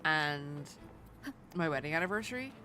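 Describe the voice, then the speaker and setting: An Irish woman streamer chatting casually while gaming, an animated storyteller who jumps up high when quoting people. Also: normal speed, slight background noise. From Ireland.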